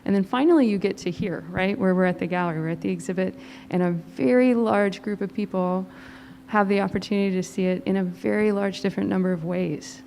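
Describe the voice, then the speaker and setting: A woman's voice: mid-range voice, brisk, creaky, a little mellow, slight background noise. Reflective woman in a reverberant gallery. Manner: thoughtful, trails off, casual fillers. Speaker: panel artist. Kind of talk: reflective panel discussion. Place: gallery panel. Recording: hall reverb with faint ambience.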